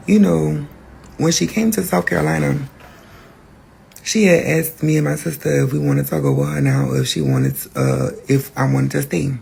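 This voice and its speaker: A podcast host telling a personal story in a candid, profane, animated way. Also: male voice, fairly high pitch, vocal fry, a little hiss or hum.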